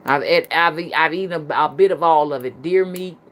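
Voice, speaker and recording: A woman's voice: low voice, brisk. A middle-aged woman with a Southern US accent, a spiritual reader chatting casually to her viewers and telling a story. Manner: colloquial, chatty, addresses the audience as "y'all".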